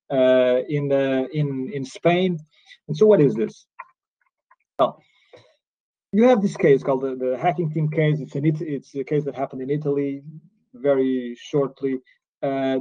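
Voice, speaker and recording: In a dull lo-fi recording, a lecturer from Portugal explains cybercrime law at a conference in an earnest manner, his Portuguese accent audible. His voice is mid-range and warm.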